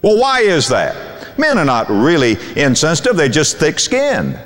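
An older man preaching a sermon in a folksy, animated way, acting out quotes from husbands and wives. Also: on the high side, normal speed, big-room sound.

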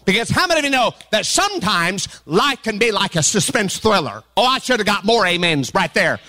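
Pastor guy preaching, high voice, sing-songy, shouts the big lines, jokes w the crowd. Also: very animated, fairly quick. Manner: preaches with rising, sing-song emphasis and shouts; acts out quoted voices with humor. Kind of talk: sermon.

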